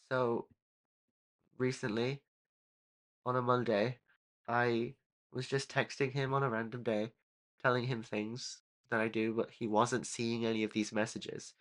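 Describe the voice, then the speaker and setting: A man's voice: medium pitch, fairly bright tone. Hesitant, apologetic teenage guy. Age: late teens. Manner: hesitant, apologetic, emotional, halting restarts. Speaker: YouTuber. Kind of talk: personal story video.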